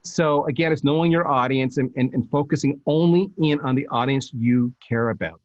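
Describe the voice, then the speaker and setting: Energetic man giving casual advice. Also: mid-range voice, normal speed, highs cut off. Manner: energetic, emphatic, animated storytelling with restarts. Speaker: podcast guest, marketing speaker.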